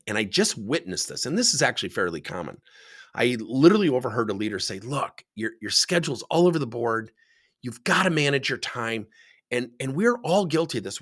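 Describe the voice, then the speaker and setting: A man's voice: medium pitch, husky. A man who coaches leaders, talking about coaching and telling workplace stories that he acts out as he goes. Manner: animated storyteller who acts out dialogue. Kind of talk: speaking to camera about coaching.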